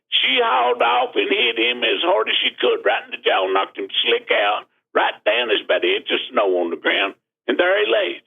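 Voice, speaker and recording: A man calling into a radio show, rambling through a folksy, animated country story. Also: extremely high pitch, a little fast, gravelly, breathy edge. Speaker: caller. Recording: tinny phone line.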